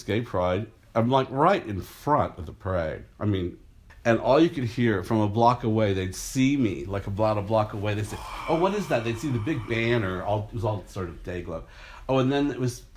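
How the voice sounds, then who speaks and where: An older man, an artist, telling an animated anecdote and acting out the crowd's voices with gasps. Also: mid-range voice. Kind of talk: storytelling anecdote.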